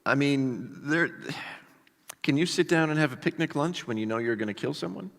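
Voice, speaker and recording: A male pastor preaching a sermon with animated storytelling and casual asides to the congregation. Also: on the high side, normal speed, vocal fry. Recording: long hall reverb.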